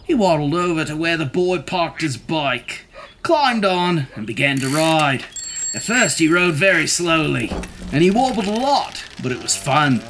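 Lady reading kids' picture books out loud, slow and lively, bit of noise behind. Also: low-pitched. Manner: animated, slow read-aloud with asides. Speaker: storybook reader. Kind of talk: children's read-aloud.

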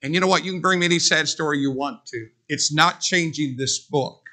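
Guy preaching a sermon, emphatic, tense sharp voice, leads the congregation in call-and-response. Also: on the high side, brisk. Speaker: pastor. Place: church sanctuary.

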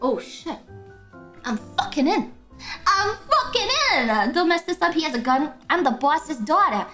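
Very high, bright-voiced excitable young woman. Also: a little slow, soft background music. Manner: excitable, giggly, swears freely. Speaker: VTuber streamer. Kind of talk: casual gameplay commentary.

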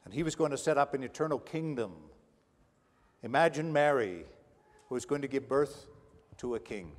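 A male pastor preaching a sermon with dramatic swings between hushed and raised delivery. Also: mid-range voice, lively intonation, moderate pace. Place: church sanctuary. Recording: long church reverb.

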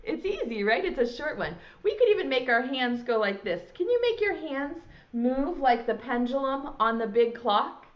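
A woman preschool teacher talking to young children in a slow, sing-song, animated way. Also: high voice, highs cut off.

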